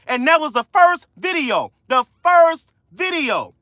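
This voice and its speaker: A man coaching viewers on a livestream, loud, slangy and preachy, repeating key lines. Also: very high voice, a little fast, hardly any pauses, dry recording, studio quality. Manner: casual slangy speech. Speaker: credit coach hosting a livestream. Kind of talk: motivational livestream talk.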